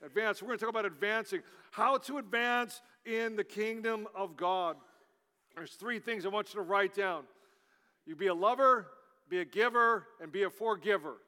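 A man's voice: sits high, normal speed, bright, forceful tone. A male pastor preaching a sermon, speaking emphatically with repetition and call-and-response prompts. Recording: long reverb in a large hall.

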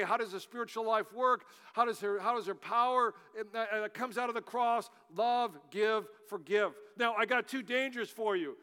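A high-voiced, bright-toned male pastor preaches with emphatic repetition, calling on the congregation to answer back. He is recorded in a large church hall with long reverb. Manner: emphatic, repetitive, call-and-response. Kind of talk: sermon.

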